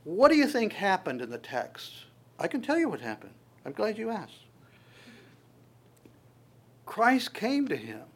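A male preacher delivers a sermon in a conversational, unpolished way. His voice sits a touch high for a man, and he often stumbles and restarts mid-sentence while quoting scripture. He shifts into small acted voices when he retells a story. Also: huge pitch swings, unhurried, long pauses, slightly rough. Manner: conversational, quotes scripture and acts out voices in passing; frequent restarts and stammers.

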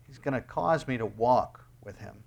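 A man preaching a sermon as pastor. He reads scripture and closes in prayer, and he swings between loud, high exclamations and hushed, low asides. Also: animated, normal speed, creaky.

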